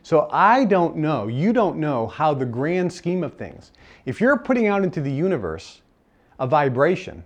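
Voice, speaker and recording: A man's voice: on the high side, sing-song, moderate pace. A man giving a live seminar lecture, emphatic and repeating his key phrases, sometimes acting out bits of dialogue. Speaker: seminar speaker.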